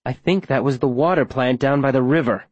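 A man's voice: mid-range voice, a little fast, darkish tone, no room sound, highs cut off, lightly acted. A man voicing a weary, sardonic middle-aged ex-mayor with a wry, mocking edge, in an audiobook reading. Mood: alarmed. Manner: wry and mocking, a bit raised. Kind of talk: audiobook character voice.

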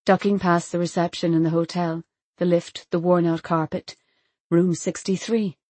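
Woman narrator for a literary audiobook, quiet and intimate, lowish voice, dry close recording. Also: level tone, normal speed, no room sound. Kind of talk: first-person literary narration.

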